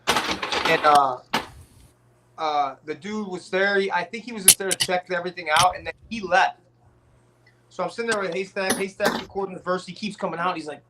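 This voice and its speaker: A man's voice: sits high, steady tone, a little fast, noisy background. A man telling a long story in casual podcast chat, rambling with restarts and swearing. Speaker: guest rapper telling a story.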